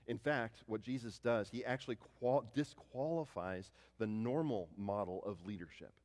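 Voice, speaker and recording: A man preaches with a fairly low voice in an easy, conversational way. He throws rhetorical questions to the congregation and often repeats or restarts his words. A long reverb trails behind him, as in a large hall. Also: a little mellow. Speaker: pastor. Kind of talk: sermon.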